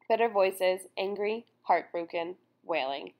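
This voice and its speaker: Woman, audiobook narrator, solemn, measured, lowish voice. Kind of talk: first-person memoir narration.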